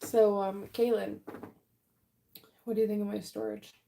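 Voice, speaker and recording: Slow, gravelly young woman chatting on stream. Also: mid-range voice. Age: late 20s. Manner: relaxed, chatty, yawning often, answers chat. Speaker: livestream artist. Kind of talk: casual chat with viewers while painting. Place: art room at home.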